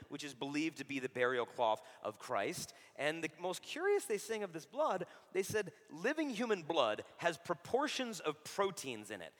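A man's voice: on the high side, fairly bright tone. A man in his thirties giving a casual, joking sermon-style talk, saying dude a lot as he speaks about faith. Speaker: Catholic speaker. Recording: reverberant hall.

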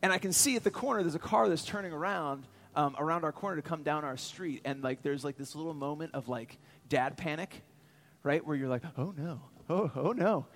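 A man in his thirties preaching a sermon, telling a personal story in an earnest, animated way and calling out to his congregation. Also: on the high side, brisk. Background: faint music.

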